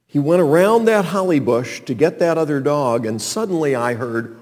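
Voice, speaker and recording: A man from North Carolina telling a personal story to an audience in an animated, sermon-like way. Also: fairly high pitch, moderate pace. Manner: animated storyteller, acts out calls and sounds. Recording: long reverb of a large hall.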